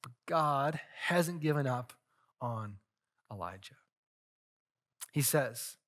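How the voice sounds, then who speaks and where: A man preaching a sermon as pastor, telling a story earnestly with dramatic swings in loudness. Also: mid-range voice, expressive, takes it slowly, pauses often.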